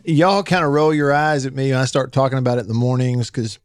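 A man with a Southern accent hosting a casual radio talk show, telling stories in a folksy, animated way. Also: mid-range voice, fast talker, dry recording, faint music behind.

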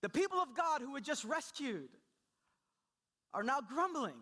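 A man delivers a sermon in a notably high voice with a bright, forward tone. He tells the story with animated energy, slipping into quick voices for the characters he quotes. His pitch climbs high when he gets emphatic and drops low when he slows down. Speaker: pastor.

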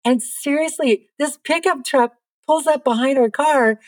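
A middle-aged woman speaking as a podcast guest, giving an earnest, lively faith testimony. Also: high-pitched, a little slow, no echo.

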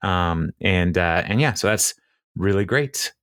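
Recapping a TV episode on his podcast, a low-voiced host rambles casually, filling the talk with fillers and laughter and pausing often to act out quotes. His intonation is lively, his pace a little slow, and his tone fairly bright, captured in clean studio sound without room sound.

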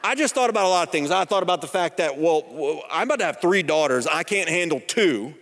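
A man's voice: a little high, animated, quick pace, a bit bright. A man in his thirties preaching a sermon in a church, telling a personal story in a conversational, joking way. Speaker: pastor. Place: church sanctuary. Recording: long hall reverb.

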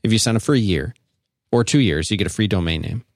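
A man's voice: lowish voice, quick pace, no room sound, studio quality. A man hosting a call-in podcast, chatting loosely and joking, reading an ad in an offhand way. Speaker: podcast host taking calls. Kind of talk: casual call-in podcast talk.

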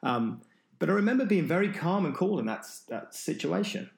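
A man's voice: on the high side, big pitch swings, brisk, vocal fry, darkish tone. A man who is an endurance runner, telling a story as an interview guest, rambling with many restarts. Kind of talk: storytelling in conversation.

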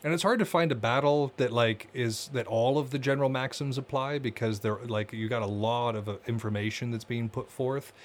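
A man co-hosting a podcast in casual chat, talking in a relaxed, loose way with frequent filler words. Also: medium pitch, a little fast, hardly any pauses, a little hiss or hum. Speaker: podcast co-host.

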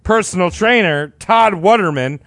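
A man's voice: high-pitched, expressive, normal speed, a bit bright, no room sound. A man casually telling a crude story on a podcast, rambling and acting out quotes. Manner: rambling, profane, acts out quotes.

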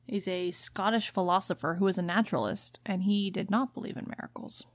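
A woman's voice: mid-range voice, steady tone, brisk, no room sound, studio quality. A woman co-hosting a book discussion podcast, reading passages aloud and explaining them in casual chat. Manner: reads quotes aloud then explains them plainly. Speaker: podcast co-host.

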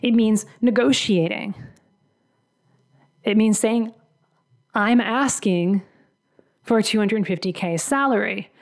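A woman's voice: mid-range voice, slow pace, pauses often. Emphatic woman coaching listeners. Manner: earnest, emphatic, acts out quoted dialogue. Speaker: career coach. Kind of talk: motivational podcast monologue.

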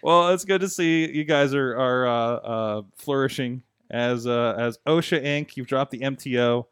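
A man's voice: medium pitch, measured pace, fairly bright tone, smooth, no room sound. Male podcast host, hesitant, dry sound. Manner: hesitant, filler-heavy questions. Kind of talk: casual podcast chat.

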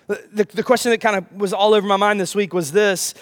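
A man preaching a sermon as pastor, animated, with rhetorical questions and humor. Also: high-pitched, quick pace, hardly any pauses.

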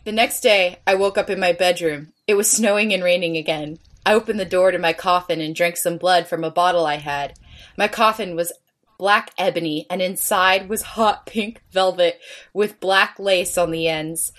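A woman's voice: fairly low pitch, steady tone, normal speed, fairly bright tone. A woman co-hosting a podcast, reading aloud with a straight face and often stumbling into giggles. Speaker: podcast co-host.

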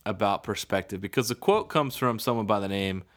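A man's voice: lowish voice, brisk, fairly bright tone. A man in casual podcast chat, telling a story with lots of laughter and frequent "right?" asides.

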